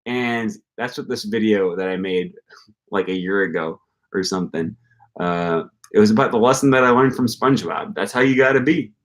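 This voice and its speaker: Young male streamer, low-ish voice, rambling and upbeat, encouraging tone. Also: normal speed. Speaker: language-learning channel host. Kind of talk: casual livestream chat.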